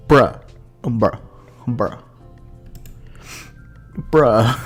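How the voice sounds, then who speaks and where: A man doing casual let's-play commentary with low, blunt reactions, swearing and disbelieving. Faint game music runs behind his voice. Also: fairly even intonation, a little slow, long pauses. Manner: incredulous, swearing. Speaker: gaming channel host.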